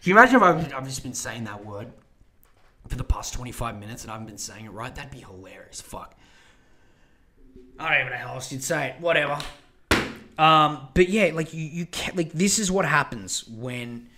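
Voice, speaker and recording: A man's voice: mid-range voice, animated, normal speed, sharp tone. A young man hosting a solo podcast, ranting about politics in a profane, rambling way. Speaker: podcast host.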